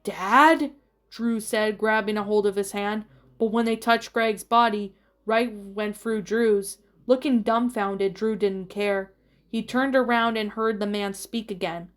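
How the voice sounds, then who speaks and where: A woman reading a fan fiction story aloud in a steady storytelling voice with small slips. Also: medium pitch, unhurried. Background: faint music.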